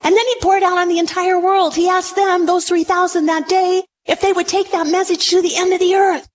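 A woman preaching a sermon, dramatic and animated, acting out scripture voices. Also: very high voice, a little fast. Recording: long hall reverb, faint noise.

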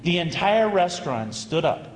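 A man, an associate pastor, preaching a sermon as animated storytelling, with sudden swings in loudness. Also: high voice, moderate pace. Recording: echoey hall with long reverb, faint ambience.

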